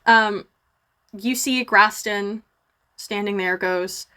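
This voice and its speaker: A woman narrating as game master in a casual way, with lots of "um" and quick scene-setting. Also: medium pitch, pushed and bright, clear, resonant tone. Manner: casual, many fillers, brisk scene-setting.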